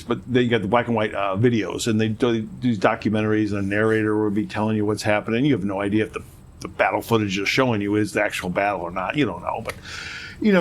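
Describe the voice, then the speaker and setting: A middle-aged man co-hosting a talk show, chatting casually and rambling with many restarts. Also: medium pitch. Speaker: podcast co-host. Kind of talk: casual political chat.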